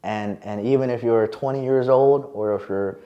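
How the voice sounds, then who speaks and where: Man, podcast guest, casual chat, lively storytelling, lots of ums and rights. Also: mid-range voice, normal speed, highs cut off. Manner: lively storyteller with many fillers.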